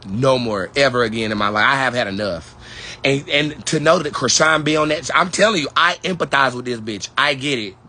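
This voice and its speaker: A man's voice: medium pitch, fairly quick, sharp tone, a little hiss or hum. A man who reads tarot, chatting with viewers in a sassy, profane, rambling way. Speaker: tarot reader. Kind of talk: casual livestream chat with viewers.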